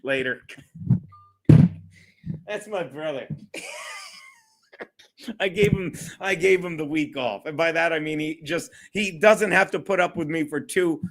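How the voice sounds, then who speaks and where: A man's voice: on the high side, normal speed, pauses often, fairly bright tone. A man hosting a casual solo livestream, rambling, swearing and often breaking into laughter. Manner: profane, giggly, rambling. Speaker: livestream host.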